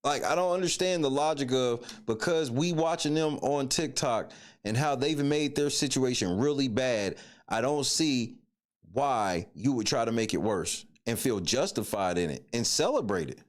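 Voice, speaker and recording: Blunt, animated male stream co-host. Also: mid-range voice, moderate pace. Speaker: livestream co-host. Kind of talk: casual commentary on viral videos.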